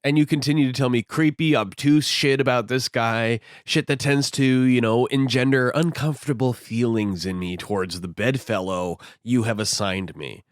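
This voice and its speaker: A man's voice: lowish voice, normal speed, no room sound, clean studio sound, natural voice. A man voicing an exasperated young male sailor who rants indignantly and swears a lot. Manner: ranting, profane, indignant.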